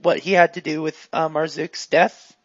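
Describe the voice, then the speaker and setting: A woman narrating a tabletop role-playing game as game master, rambling in a relaxed way with many fillers. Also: low-pitched, normal speed, no room sound. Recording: dull, dry lo-fi recording.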